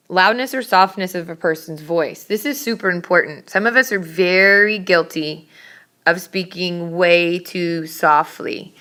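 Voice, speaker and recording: A woman teacher giving a classroom lecture on public speaking, brisk and direct, with scolding asides to her students. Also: fairly low pitch, a bit bright.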